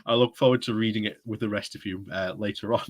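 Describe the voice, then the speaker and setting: A man's voice: lowish voice, steady tone, fast talker. A man hosting a casual live stream, chatty and often breaking into laughter as he talks. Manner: giggly, chatty, often laughing mid-sentence.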